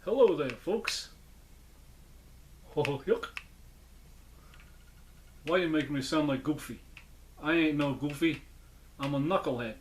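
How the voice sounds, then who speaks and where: A man's voice: fairly high pitch, measured pace, long pauses, slight background noise, natural voice. Man doing a cheeky wisecracking ventriloquist dummy. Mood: joking. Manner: folksy, wisecracking. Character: cheeky male ventriloquist dummy, goofy joker. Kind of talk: ventriloquist puppet voice.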